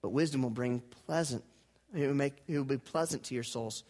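A male pastor preaching a sermon, putting questions to his congregation and asking them to repeat lines back, swinging from loud emphatic lines to low, quiet ones. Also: a little fast. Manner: rhetorical questions and call-and-response with the congregation.

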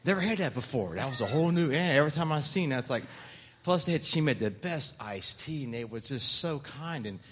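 A man's voice: mid-range voice, lively intonation, brisk, hardly any pauses, pushed and bright, slightly rough. A man telling a childhood memory in a rambling, folksy way. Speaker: church member sharing a memory. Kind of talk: casual reminiscence.

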